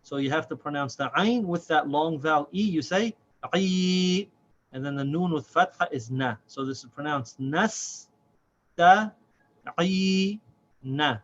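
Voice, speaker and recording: Patient male reading teacher, slightly muffled. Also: on the high side. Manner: patient, slow and deliberate, drawing out syllables. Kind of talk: step-by-step lesson. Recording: slightly dull audio with faint noise.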